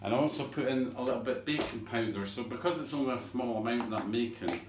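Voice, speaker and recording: A man's voice: medium pitch, fast talker, noisy background. A man hosting a home cooking show, talking through a recipe in a rambling, cheeky, self-mocking patter. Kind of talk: chatty cooking demonstration. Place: home kitchen, indoors. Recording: echoey kitchen with clattering dishes.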